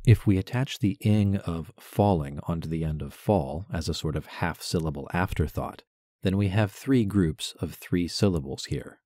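A man giving a poetry lesson as a voice-over, measured and deliberate, carefully stressing syllables. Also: deep voice, darkish tone, no room sound, studio quality. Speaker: poetry teacher. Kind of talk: instructional narration with poem recitation.

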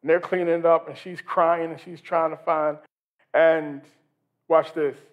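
A male pastor preaching a sermon in a church service, animated and building to shouts, asking the congregation questions. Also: a little high, a little slow, narrow, tinny audio. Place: church sanctuary during a worship service.

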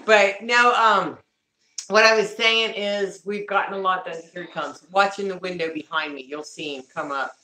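Chatty woman, bright voice, echoey room. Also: medium pitch, steady tone, normal speed. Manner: chatty, greets viewers by name, talks to her animals. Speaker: livestream host talking to viewers. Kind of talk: casual livestream chat. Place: home with pets, by a window.

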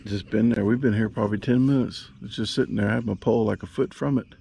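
Man, low gravelly voice, jokey outdoor fishing vlogger, action cam audio. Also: steady tone, fast, mellow, slight background noise. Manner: rambling, joking, talks straight to the camera. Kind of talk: casual fishing vlog chat. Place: small boat on a lake outdoors. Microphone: action camera.

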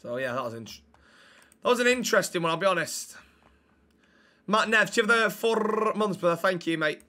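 A young man talks to his live chat while playing a game. His voice sits a touch high and rings very bright. His delivery is blunt, sweary banter into a desk mic. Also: animated, normal speed, a little hiss or hum. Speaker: streamer.

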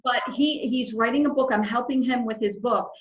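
A woman talking as a guest editor in a casual video call chat, enthusiastic and talkative. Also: fairly high pitch. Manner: enthusiastic, talkative, quick laughs. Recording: roomy, slightly dull video call audio.

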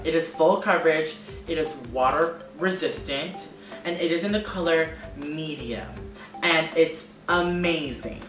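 A man's voice: a little high, sharp tone, distant mic. Gushing man vlogging in a roomy space. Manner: gushing, repeats words for emphasis. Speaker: makeup vlogger. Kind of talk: casual beauty vlog. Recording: roomy echo, off-mic, music behind.

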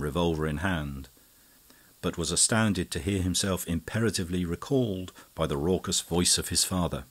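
Reading scripted audiobook narration, this man tells the story at a steady, even pace in a low voice.

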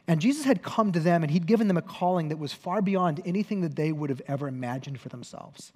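Man, pastor, sermon, conversational storytelling, wry humor, slightly high voice, long hall reverb. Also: animated, quick pace, few pauses, darkish tone. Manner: conversational storytelling with self-corrections. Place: church hall.

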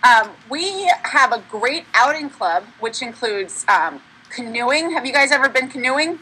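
A woman's voice: sits high, expressive, unhurried, bright, forceful tone, breathy edge, rough recording. A young woman representing a college, answering children's questions in an upbeat way and asking them questions back.

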